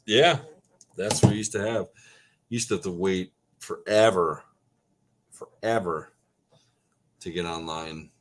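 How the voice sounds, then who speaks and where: Speaking at a measured pace with long pauses, a low-pitched man from Wisconsin reads viewer comments aloud on his livestream. It's casual live chat, where he jokes, reminisces, and swears easily.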